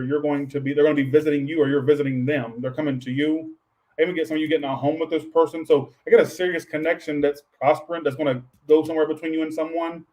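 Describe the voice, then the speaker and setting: A slightly high-voiced man reads tarot cards live in a loose, rambling way. He sounds worn out, drops the odd swear word, and tags "all right" onto his thoughts. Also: a little mellow, low-quality recording. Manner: blunt, swears casually. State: tired, low on energy. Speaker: tarot reader. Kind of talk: casual livestream tarot reading.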